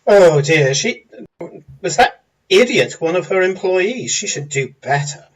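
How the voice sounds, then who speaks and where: A man's voice: high-pitched, animated, unhurried, slightly rough, far from the mic, full character voice, poor audio. A man voicing a smug, pouting male enchanter who talks down to people in a tabletop game. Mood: condescending. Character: smug swindling male enchanter, pouty and condescending.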